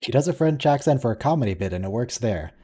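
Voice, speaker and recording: A man's voice: mid-range voice, expressive, fast, dark tone. A man hosting a watch-along, chatting casually and thinking aloud as he comments on the episode. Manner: musing, conversational, thinks aloud with restarts.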